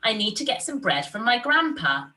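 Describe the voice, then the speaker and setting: Storybook child, read by a woman, polite and pleading, bright voice, a bit far from the mic. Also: a little high, very animated, normal speed, voice pushed up. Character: polite small child on an errand.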